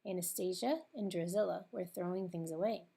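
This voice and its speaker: A woman narrating a children's storybook in a clear, expressive read-aloud manner. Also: lowish voice, moderate pace.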